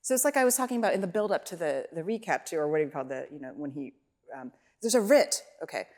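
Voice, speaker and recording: A woman's voice: low-pitched, lively intonation, fast talker. A woman teaching a violin masterclass, coaching a student with short encouraging cues and singing phrases to demonstrate. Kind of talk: coaching over live playing. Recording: loud violin and piano playing behind.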